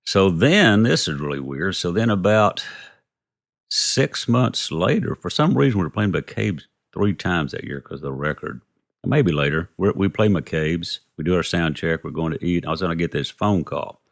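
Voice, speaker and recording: A man's voice: low-pitched, expressive, moderate pace, vocal fry. A man from Texas, a guest telling rambling anecdotes and acting out the dialogue. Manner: rambling, retells dialogue with "I go" and "he goes". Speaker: interview guest. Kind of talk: casual anecdotal storytelling.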